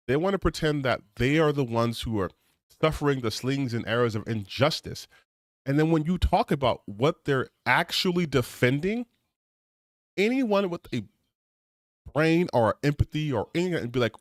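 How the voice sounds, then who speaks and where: A man's voice: mid-range voice, no room sound, studio quality. A man ranting on a gaming stream, reading out comments and reacting with heated, sarcastic, profane commentary. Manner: heated, sarcastic, swears often.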